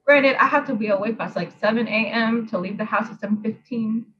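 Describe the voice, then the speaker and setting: A woman in her twenties telling a story in casual chat, blunt, profane and animated. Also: on the high side, fairly quick, highs cut off. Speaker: host.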